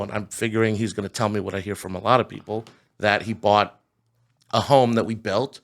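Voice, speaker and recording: Low-voiced man telling stories. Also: steady tone, fairly quick, gravelly. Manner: laughs through anecdotes. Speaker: home builder guest. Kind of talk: casual storytelling.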